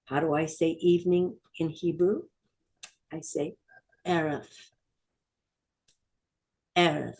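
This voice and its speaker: A woman's voice: low voice, steady tone, takes it slowly, pauses often, darkish tone. A middle-aged woman teaching a Hebrew vocabulary lesson, patiently repeating each word and asking listeners to say it with her.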